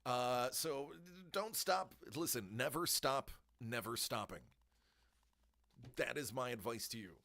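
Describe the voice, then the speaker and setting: A middle-aged man hosting a live-stream unboxing, chatting casually into a close desk microphone, joking, laughing often and exclaiming in excitement. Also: medium pitch, takes it slowly, gravelly.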